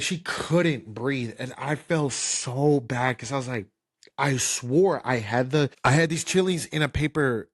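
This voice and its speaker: A man hosting a podcast, telling a kitchen story casually, with lots of "like" and restarts, acting it out with sound effects. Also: fairly high pitch. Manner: lively anecdote-telling with sound effects like pop and bam; loose, filler-heavy talk with "like" and restarts. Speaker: podcast host.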